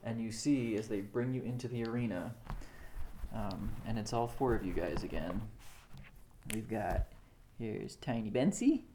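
A man's voice: lowish voice, animated, measured pace, long pauses, dark tone, slight background noise. A man running a family tabletop game as game master, narrating playfully and often laughing.

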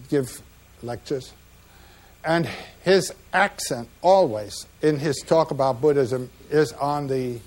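A man giving a measured, reflective lecture about slides, pausing often with "uh" between phrases. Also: a little high, darkish tone. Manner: measured, reflective, with frequent pauses and "uh" fillers.

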